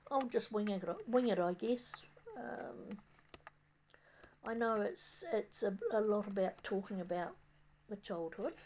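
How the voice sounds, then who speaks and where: An older woman from New Zealand with a New Zealand accent, reminiscing in a casual, rambling monologue outdoors on a windy day, halting often with fillers and restarts. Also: medium pitch. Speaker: vlogger.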